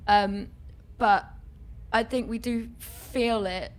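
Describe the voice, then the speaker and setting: A woman's voice: on the high side, steady tone, takes it slowly. A young woman, a band member, chatting casually in an interview, rambling with lots of fillers and some swearing. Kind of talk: casual chat.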